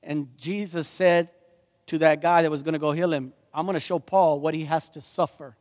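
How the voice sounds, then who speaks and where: High-voiced joking pastor in a hall. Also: male voice, moderate pace. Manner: animated and joking, with playful voices. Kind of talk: sermon.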